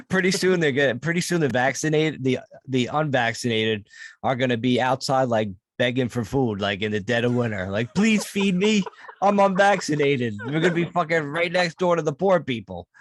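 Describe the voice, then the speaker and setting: A man's voice: mid-range voice, lively intonation, a little fast, dry recording, clean studio sound. A man co-hosting a podcast, ranting and joking with lots of swearing. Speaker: podcast co-host. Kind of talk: casual chat.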